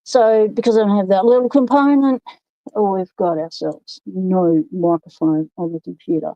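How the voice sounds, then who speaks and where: A woman's voice: mid-range voice, fairly even intonation, normal speed, no echo, muffled recording. An Australian woman hosting a casual livestream from her home workshop, chatting in a rambling way and greeting viewers by name over a phone microphone. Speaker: livestream host.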